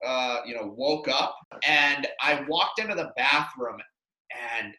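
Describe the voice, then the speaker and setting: Bright-voiced rambling young man. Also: mid-range voice, unhurried, echoey room, low-quality recording. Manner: rambling, self-deprecating, lots of fillers. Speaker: podcast co-host. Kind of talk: casual storytelling chat.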